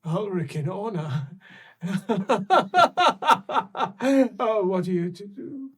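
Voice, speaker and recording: A game master voicing an ancient, trapped, secret-keeping creature that whispers low threats and breaks into cruel laughter. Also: animated, normal speed, warm tone, natural voice. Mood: mocking. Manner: low menacing whispers broken by cackling laughs. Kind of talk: improvised tabletop role-play.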